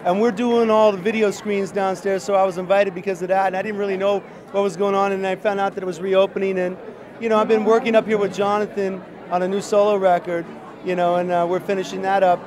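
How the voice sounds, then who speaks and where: Rambling high-voiced man in crowd. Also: fast, rough recording. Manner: rambling, relaxed, many fillers. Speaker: interviewee, musician. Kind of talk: casual interview. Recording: crowd noise behind.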